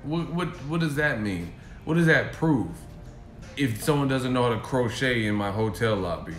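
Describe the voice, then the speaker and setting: A man's voice: mid-range voice, animated, normal speed, a bit bright, faint music behind. A man ranting on a stream in a profane, mocking way from a hotel room. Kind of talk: casual rant. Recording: echoey room.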